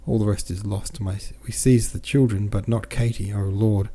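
A man reading the part of a distraught middle-aged mother who pleads and scolds in a higher, louder voice. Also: steady tone, normal speed, breathy edge. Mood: sobbing. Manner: pleading, frantic, then scolding.

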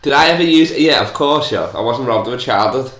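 A man's voice: medium pitch, expressive, fairly bright tone, a little hiss or hum. Joking podcast host man, roomy sound. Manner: crude, joking, fast teasing. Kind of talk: casual comedic podcast banter. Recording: roomy echo.

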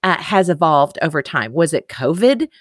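A woman's voice: low-pitched, very animated, normal speed, no room sound, clean studio sound. A woman with a Texas twang hosting a podcast, chatty and enthusiastic in casual interview talk. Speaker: podcast host.

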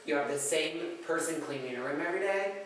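A man's voice: on the high side, fast, a loud crowd. A man chatting casually as a podcast co-host, his sentences trailing off and starting over. He sits a little away from the mic in a very echoey room. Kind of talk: casual chat. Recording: roomy echo, distant mic.

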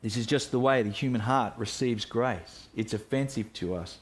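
Male pastor mid-sermon. Earnest and reflective, mid-pitched, restarts phrases. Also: moderate pace.

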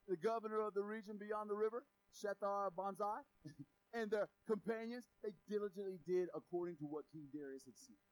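Guy preaching, high voice, chatty and lively, gets loud then goes real quiet. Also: poor audio. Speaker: pastor. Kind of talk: sermon.

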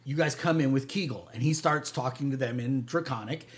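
A game master narrating a tabletop role-playing session in a lively, joking way, often breaking into laughter. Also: mid-range voice. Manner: lively, laughing, quick asides.

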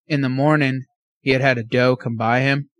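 A man telling a hunting story as a podcast guest, animated, acting out his own and his friend's words. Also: mid-range voice, moderate pace, no echo.

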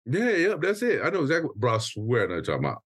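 Animated, profane man telling a story. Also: mid-range voice, racing, slightly rough, dry recording, studio quality. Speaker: podcast co-host. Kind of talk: casual chat, venting story.

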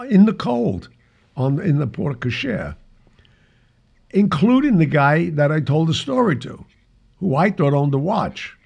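An older man with a gravelly, husky voice recounts a personal story as a podcast guest. He acts out each exchange of dialogue and keeps chuckling through the tale. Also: medium pitch. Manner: lively storyteller who acts out the quoted dialogue and chuckles often. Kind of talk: anecdotal storytelling.

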